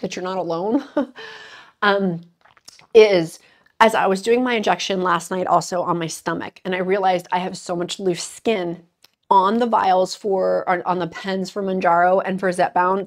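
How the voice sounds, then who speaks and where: This is a woman with a slightly low voice, vlogging straight to camera. She rambles candidly and openly, with lots of fillers and restarts, and sounds emotional. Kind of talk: casual talk to camera.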